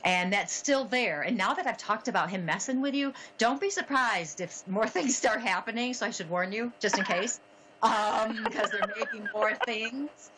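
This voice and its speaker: A woman hosting a psychic medium call-in show, speaking gently and haltingly with many fillers and soft laughs. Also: on the high side, noisy background. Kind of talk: call-in radio reading.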